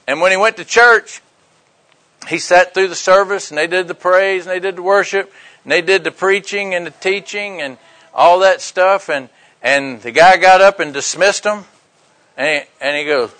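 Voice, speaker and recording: Animated high-voiced male preacher. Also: normal speed, rough recording. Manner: animated storyteller acting out dialogue. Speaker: pastor. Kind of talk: sermon storytelling.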